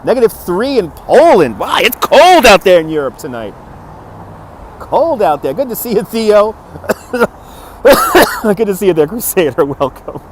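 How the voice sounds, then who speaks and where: A man with a slightly high voice hosts a live walking stream on a city waterfront street. He is upbeat, chuckles often and greets viewers one by one. It is recorded on a handheld phone, with faint traffic behind him. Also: very animated, a little slow. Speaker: livestream host. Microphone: phone on a handheld gimbal.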